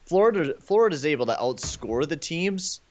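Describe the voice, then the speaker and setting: A man's voice: a little high, expressive, moderate pace, darkish tone. A man co-hosting a casual hockey chat show, rambling through his points with lots of "like" and "right?". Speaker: co-host.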